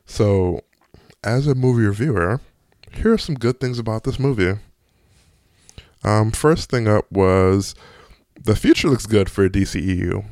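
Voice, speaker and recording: Excitable chatty man reviewing a movie. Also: on the low side, measured pace, pauses often, no echo, studio quality. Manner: excitable, chatty, frequent ums and restarts. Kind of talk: casual video review.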